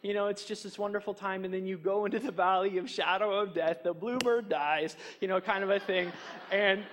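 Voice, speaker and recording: A man's voice: high-pitched, steady tone, brisk, fairly bright tone, in a large hall. A man preaching a sermon as pastor, chatty, with rhetorical questions and fillers like "you know". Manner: frequent fillers like "kind of a thing".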